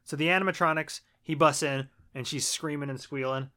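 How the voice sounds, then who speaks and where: A man co-hosting a casual podcast walks through a film's plot. His voice is bright and forceful. He swears freely and tells it in an animated way. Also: fairly high pitch, brisk. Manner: profane, animated storytelling. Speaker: podcast co-host. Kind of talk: casual conversation recapping a film.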